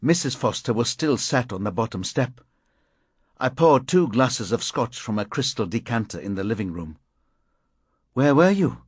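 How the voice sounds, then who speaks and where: A man reading a crime thriller audiobook in measured, grim first-person narration. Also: mid-range voice, animated, slightly rough, no echo. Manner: measured, grim, deliberate delivery.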